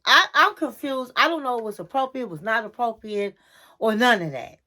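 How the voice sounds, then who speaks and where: A woman's voice: a little high, sing-song, a little fast, bright, forceful tone. A woman hosting a casual reality TV recap, chatty and sassy, talking straight to the listener.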